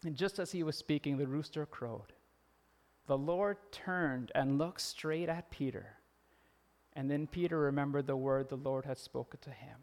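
A man's voice: mid-range voice, a little mellow. A man preaching a sermon in a conversational way, often laughing and acting out the quoted lines. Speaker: pastor.

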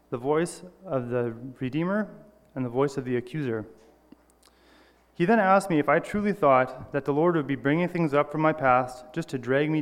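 A man's voice: on the high side, big-room sound. A man giving an earnest, personal sermon, reading scripture and correcting small slips as he goes. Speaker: lay preacher.

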